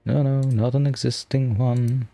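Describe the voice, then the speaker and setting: A male streamer chats loosely with his viewers, mocking himself as he fumbles through his software and talks things through aloud. His voice sits in a middling range, and the recording is close and dry with no room sound. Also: mid-range voice, fairly even intonation, measured pace, gravelly, dry recording. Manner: rambling, self-mocking, talks to himself while fiddling with software. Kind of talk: casual live-stream chat.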